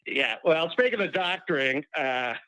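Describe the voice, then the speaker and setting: A man's voice: fairly high pitch, lively intonation, a little slow, pushed and bright, dry recording, rough recording. A man calling in to a sports talk show, chatty and wry, rambling a little as he talks. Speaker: regular caller. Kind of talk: call-in sports chat.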